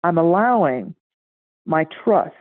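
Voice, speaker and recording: Animated woman on a tinny phone line. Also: lowish voice, slow pace, dry recording. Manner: animated, acts out voices in anecdotes. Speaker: astrology guest. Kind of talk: casual storytelling chat.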